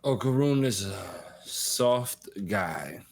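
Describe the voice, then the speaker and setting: A man's voice: medium pitch, lively intonation, slow. A man co-hosting a podcast, riffing in a jokey, offhand way. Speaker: podcast co-host. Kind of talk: casual chat.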